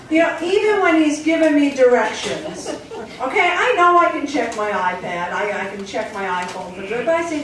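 A woman comedian tells stories from a club stage in a high, lively voice. Her voice is distant and echoes heavily through the room. Audience noise is clearly heard behind her. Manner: chatty, storytelling delivery. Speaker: stand-up comedian. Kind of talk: stand-up routine.

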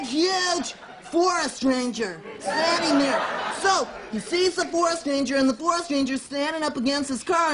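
A man's voice: extremely high pitch, fairly bright tone. An actor playing a giddy, childlike man-boy who rambles, restarts and giggles through his talk as a talk show guest. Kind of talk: comic character performance.

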